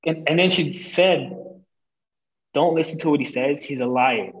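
A young man, a podcast guest, telling a breakup story in casual chat, animated and full of swearing, acting out what people said. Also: a little high, unhurried, muffled recording. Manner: animated, profane, acts out quoted lines.

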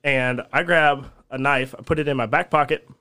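Animated man telling stories. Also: mid-range voice, moderate pace, clean tone. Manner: animated, profane storyteller who laughs at his own tales. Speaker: podcast guest. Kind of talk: casual storytelling chat.

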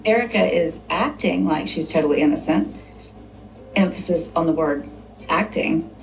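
A woman's voice: low-pitched, moderate pace, soft background music, rough recording. A woman in a reality TV confessional, pointed and emphatic.

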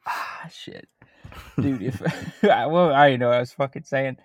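A man with a Southern country accent talks in loose, winding sentences, swearing heavily as he goes. He speaks at a middle pitch. The sound is close and dry, with no room around it. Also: measured pace, no echo. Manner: rambling, heavy swearing, roundabout sentences. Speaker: podcast guest. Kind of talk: casual podcast chat.

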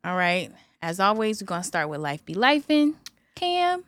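A woman hosting a podcast, chatting casually in an animated, upbeat way. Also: mid-range voice, normal speed, dry recording. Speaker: podcast host. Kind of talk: casual chat.

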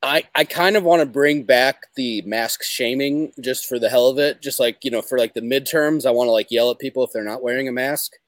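A man's voice: medium pitch, a little fast, few pauses, dry recording. A man with a mid-range voice chats as a guest on a comedy podcast. He rambles loosely and fills his sentences with "like," recorded dry and close. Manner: rambling, heavy use of "like". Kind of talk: casual comedic chat.

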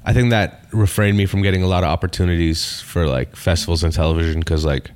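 A man's voice: low-pitched, fairly even intonation, fast, a little mellow, clean tone. A man, a stand-up comedian and podcast guest, talks laid-back in casual chat, swearing freely and repeating phrases. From Canada.

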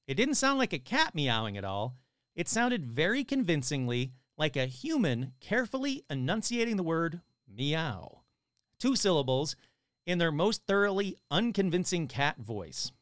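A male host reads creepy listener stories on a live stream, his voice swinging up and down as he jokes between them. His voice sits a bit high for a man. The sound is dry and close, with no room echo. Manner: animated, joking asides between stories. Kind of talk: live-stream story reading with chat.

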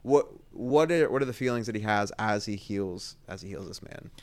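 Low-voiced man musing over scripture. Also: expressive, a little mellow, no echo. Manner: thoughtful, halting, many restarts and fillers. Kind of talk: casual Bible discussion.

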